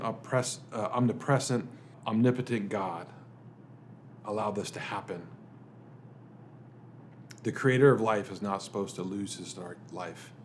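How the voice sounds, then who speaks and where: A man, a pastor, delivering a dramatic sermon full of rhetorical questions, swinging between emphatic lines and hushed ones. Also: on the low side, slight background noise. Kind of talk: dramatic Good Friday sermon.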